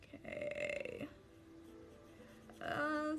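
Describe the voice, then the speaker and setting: A woman's voice: mid-range voice, expressive, normal speed, gravelly, long pauses, faint music behind. A young woman, livestreaming as she crafts a cosplay mask, chatting anxiously and rambling to her viewers. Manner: anxious, rambling, talks to chat while drawing. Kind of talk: casual livestream chat while crafting.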